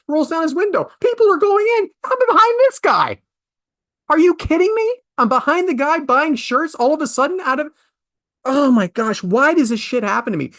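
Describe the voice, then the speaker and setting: Telling a casual story, a podcast host in his forties rants in exasperation, dropping to low mutters and jumping to high outbursts. His tone is fairly bright, and the sound is close and dry with no echo.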